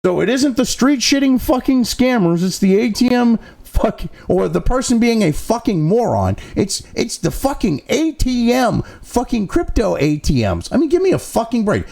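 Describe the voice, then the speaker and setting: A man's voice: very high-pitched, very animated, normal speed, vocal fry, hardly any pauses, a little mellow. A man hosting a commentary show, reading news excerpts and breaking off into profane, sarcastic, exasperated rants with mocking asides. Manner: mocking asides between read-out passages.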